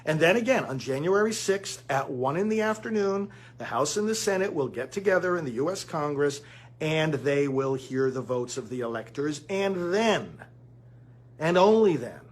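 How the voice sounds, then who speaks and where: A high, husky-voiced man delivers an earnest commentary monologue, speaking directly to his audience as friends. His voice carries a slightly raspy edge throughout. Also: expressive, normal speed. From United States. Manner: earnest, addresses listeners as friends.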